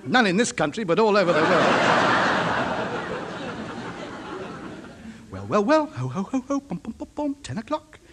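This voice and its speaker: A man's voice: high-pitched, big pitch swings, quick pace. An actor playing a lonely, self-important middle-aged radio ham. He mutters to himself and chats pompously in a 1950s radio comedy. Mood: musing. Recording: hissy old broadcast recording.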